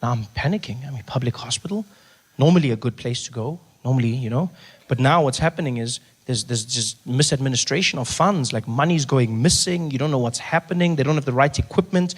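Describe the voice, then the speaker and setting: A man doing stand-up storytelling, animated and exasperated, often launching into loud rants. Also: medium pitch, fairly quick, breathy edge. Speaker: stand-up comedian.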